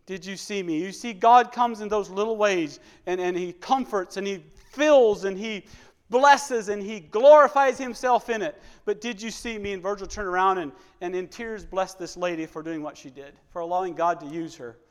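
High-voiced preacher in a reverberant church. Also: male voice, moderate pace, clean tone. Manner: emotional, repeats phrases, swings from loud to hushed. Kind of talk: sermon. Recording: church hall with long reverb.

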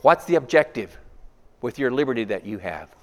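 A man preaching a sermon as pastor, repeating key lines and asking rhetorical questions, swinging between loud emphasis and hushed asides. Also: mid-range voice, animated, normal speed. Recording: long reverb of a large hall.

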